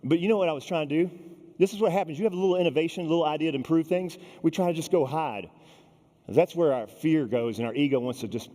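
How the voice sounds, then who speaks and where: Animated man giving a keynote in a reverberant hall. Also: on the high side, quick pace. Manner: animated, addresses the audience directly and acts out quoted people. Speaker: keynote speaker. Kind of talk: storytelling keynote speech. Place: large conference hall.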